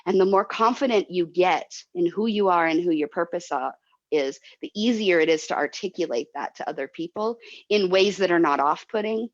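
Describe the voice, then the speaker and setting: A woman's voice: lowish voice, normal speed, muffled recording. A woman guest speaking in a heartfelt, emotional way, often repeating herself as she explains. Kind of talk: heartfelt motivational talk.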